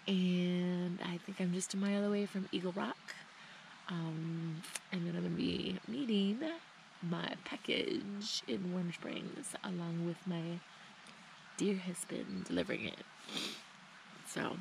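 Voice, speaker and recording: Quiet morning woman hiker, low gravelly half-whisper, creek sounds around her. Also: steady tone, slow, low-quality recording. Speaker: long-distance hiker vlogger. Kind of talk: hushed early-morning vlog. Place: outdoors at a creek campsite. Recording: outdoor creek noise behind the voice.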